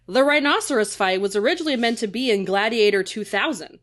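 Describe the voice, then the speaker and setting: A woman's voice: fairly high pitch, expressive, brisk, fairly bright tone. A woman co-hosting a film podcast, chatting casually and reading trivia aloud, often laughing and swearing. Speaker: podcast co-host.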